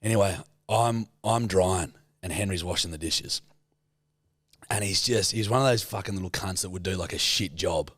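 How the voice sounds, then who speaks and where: A man in his thirties with an Australian accent, co-hosting a podcast and telling stories in a loose, animated way with plenty of swearing. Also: low voice, moderate pace, no room sound, studio quality. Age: 30s. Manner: swears freely, animated storyteller. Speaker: podcast co-host. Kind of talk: casual storytelling chat.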